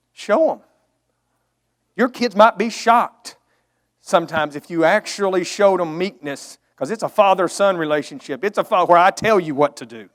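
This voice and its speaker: A middle-aged man preaching a storytelling sermon, earnest and emotional, swelling to emphatic outbursts. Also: high-pitched.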